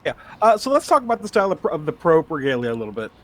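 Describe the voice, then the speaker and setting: Guy cohost talking fast, kinda high voice, restarts his sentences a lot. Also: very animated. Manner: repeats himself as he starts thoughts. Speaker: podcast co-host. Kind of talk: casual analytical chat.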